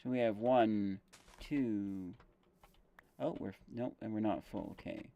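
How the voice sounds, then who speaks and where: A man's voice: on the low side, fairly even intonation, slow, warm tone. A man casually commentating his game stream, thinking aloud with fillers and self-corrections while chewing gum.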